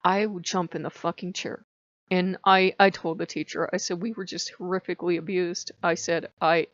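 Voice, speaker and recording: A woman's voice: on the low side, no room sound. A middle-aged woman vlogging about her own life, blunt and confessional, swearing freely as she tells her story. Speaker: spiritual vlogger. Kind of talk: candid personal storytelling. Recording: dull lo-fi home recording.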